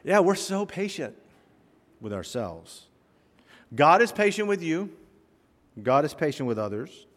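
A man pastor delivers a sermon, acting out the people in his stories with sudden loud bursts and quiet asides. His voice is of middle pitch. A long reverb trails behind him, as in a large church. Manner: animated storyteller, voices characters, swings loud and soft. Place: church sanctuary.

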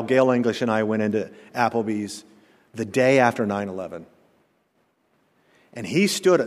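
Man, pastor, sermon, mid pitch, loud to hushed delivery, echoing church hall. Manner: preaching, swings from loud to hushed.

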